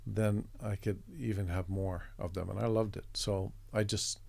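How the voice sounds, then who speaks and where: Man, from Canada, middle-aged, low voice, conversational storytelling. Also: steady tone, normal speed, creaky, darkish tone, dry recording. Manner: reflective, meandering anecdotes with restarts. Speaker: interview guest, artist.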